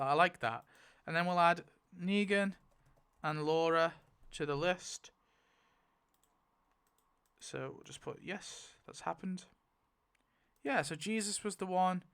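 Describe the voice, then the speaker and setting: A man in casual, rambling commentary while spinning a wheel to rewrite a story, getting excited at results and briefly quoting characters. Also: high-pitched, clear, resonant tone. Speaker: YouTuber.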